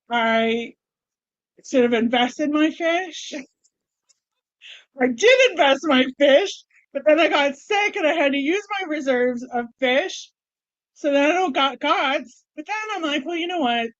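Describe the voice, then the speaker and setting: Middle-aged woman, casual vlog, candid, rambling, wry humor, slightly high voice, dull dry recording. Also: no room sound. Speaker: vlogger.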